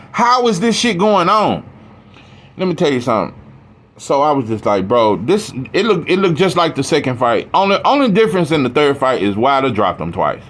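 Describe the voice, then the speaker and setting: Heated, lively-voiced man ranting. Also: mid-range voice. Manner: heated, profane, rambling with restarts. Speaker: boxing commentator. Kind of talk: casual rant to camera.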